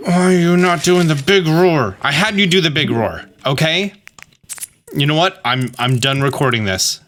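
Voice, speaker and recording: A gaming guide host with a mid-range, sharp-toned voice walks through a game, explaining the steps and getting more and more exasperated as he talks to the creature on screen. His manner is instructive, and he keeps repeating "okay?" There's slight background noise.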